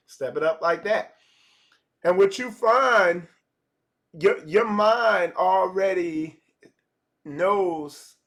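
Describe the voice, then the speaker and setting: A man's voice: sits high, fairly bright tone. A man giving a casual livestream lesson, talking conversationally, repeating phrases and acting out small dialogues. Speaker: spiritual teacher.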